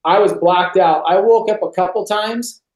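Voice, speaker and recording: A man, a podcast guest on a video call, telling a personal story in an animated way and acting out the voices of others. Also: high voice, normal speed. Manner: animated, acts out quoted voices. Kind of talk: storytelling testimony. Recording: roomy echo on a video call.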